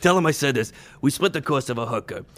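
A man's voice: mid-range voice, fast talker, fairly bright tone, natural voice. A man playing a brash, crude old vaudeville-style comic in a comedy sketch, firing off punchlines. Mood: boastful. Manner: brash joke-telling with rimshot-style punchlines.

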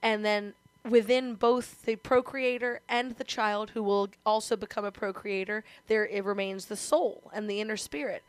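A woman's voice: medium pitch, fairly even intonation, moderate pace, few pauses, no echo. A woman co-hosting a podcast, chatting casually and musing earnestly. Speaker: podcast co-host. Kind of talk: casual chat.

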